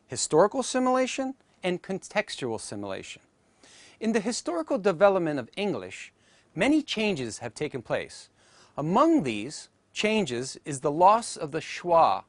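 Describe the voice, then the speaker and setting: Deliberate, lively-pitched phonetics teacher narrating. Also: dry recording. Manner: careful, deliberate delivery with sounds spoken out as models. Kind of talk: scripted educational narration.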